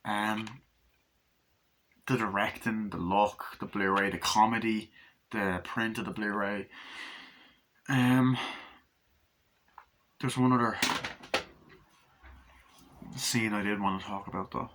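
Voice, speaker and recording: A man's voice: on the low side, fairly even intonation, slow pace, pauses often, background noise. A man casually reviewing a movie, rambling with lots of fillers and swearing as he retells scenes and acts out the characters' lines.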